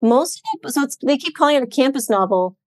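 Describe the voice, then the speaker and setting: A woman's voice: sits high, fast talker, dry recording. Chatty woman bookseller talking books on a podcast, lots of ums and likes, dry close sound. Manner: chatty, relaxed, many "um"s and "like"s. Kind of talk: casual book chat.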